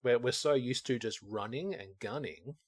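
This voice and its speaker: A podcast co-host with a mid-range voice chats casually at normal speed, rambling and acting out his own thoughts as he talks. The recording is dry.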